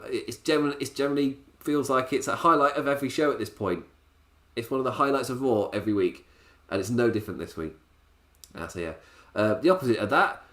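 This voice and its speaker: A man reviewing a wrestling show in a casual, sarcastic way, often laughing. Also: a little high. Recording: roomy echo.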